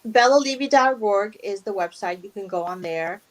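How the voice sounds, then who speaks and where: A woman speaks in an earnest, animated way as a guest on an interview show. She sounds heartfelt, and her voice sits in an ordinary middle range for a woman. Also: mid-range voice, moderate pace, rough recording. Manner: earnest, animated, emotional at times. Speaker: guest, charity event organizer. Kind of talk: casual interview talk.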